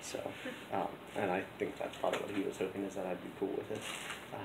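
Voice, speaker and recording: A man's voice: deep voice, little pitch movement, quick pace, creaky. A male teacher talking casually to his class, rambling with many ums and restarts. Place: school classroom. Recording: echoey classroom with loud background noise.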